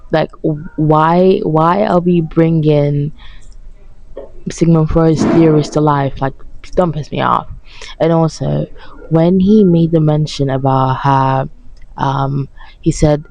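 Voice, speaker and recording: Blunt, sarcastic woman with vocal fry. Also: low-pitched, moderate pace, warm tone, no echo, low-quality recording. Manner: blunt, sarcastic, profane, mocking. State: tired. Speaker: vlogger reviewing a reality dating show. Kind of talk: casual rant to camera.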